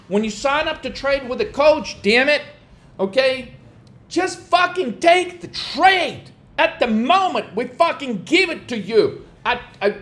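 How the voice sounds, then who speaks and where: A man's voice: extremely high pitch, a bit bright. A man talking as a trading coach in a vlog, ranting bluntly with constant swearing and exasperation.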